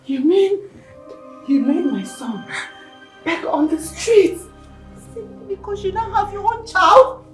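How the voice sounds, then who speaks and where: A woman playing a wife and mother, high and incredulous in her outrage. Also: big pitch swings, slow pace, pauses often, faint music behind, exaggerated voice. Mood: outraged. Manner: high, incredulous, rising to shouts. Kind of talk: Nollywood film acting. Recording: roomy, echoey film sound.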